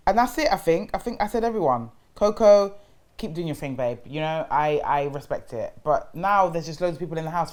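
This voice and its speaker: A young woman talks straight to camera in a low voice. She roasts people bluntly with plenty of slang, in a sassy, casual vlogger's way. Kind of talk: casual reality-show recap.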